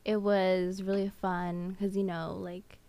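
A young woman who is a guest on a college radio show, chatting in a relaxed, drawling way with fillers and laughs. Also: mid-range voice, slow pace, clean tone. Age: young adult. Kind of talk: casual radio chat.

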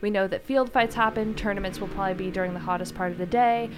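Woman, co-host, animated anecdote-teller, mid-range voice, faint music underneath. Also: medium pitch, fast talker. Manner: animated storyteller, acts out quotes. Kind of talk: casual chat.

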